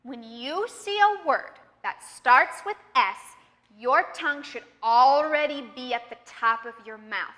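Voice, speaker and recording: American woman, accent trainer; high, crisp voice, patient and encouraging; reverberant room. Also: lively intonation, unhurried, pushed and bright. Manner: clear, patient, encouraging teacher talk. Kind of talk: online pronunciation lesson.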